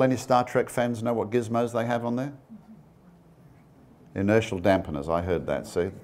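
A man with a fairly low voice giving a slide presentation to a live audience. He keeps it chatty, quizzes the room and slips in joking asides. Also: darkish tone. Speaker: guest speaker.

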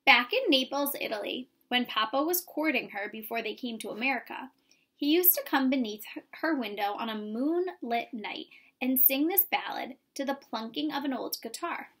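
A woman reading a children's chapter book aloud in a calm, even storytelling manner. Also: high voice, moderate pace, breathy edge. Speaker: reader. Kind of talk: storybook read-aloud narration.

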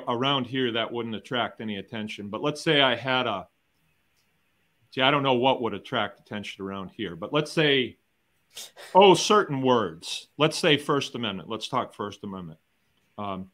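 A man's voice: mid-range voice, fairly bright tone. Emphatic middle-aged American man talking. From United States. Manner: conversational, emphatic, with rhetorical questions; repeats words and restarts often. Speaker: guest farmer and educator. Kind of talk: round-table conversation.

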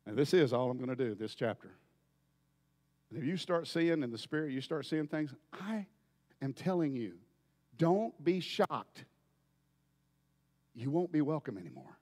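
A man preaching a folksy storytelling sermon, dropping to quiet asides and then bursting into loud shouts. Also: a little high, big pitch swings, a little slow, pauses often, in a large hall.

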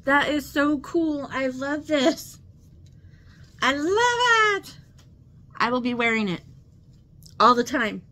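A woman's voice: mid-range voice, fairly bright tone. A woman hosting a casual unboxing vlog, gushing and emotional, teary and laughing often as she talks. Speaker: channel host.

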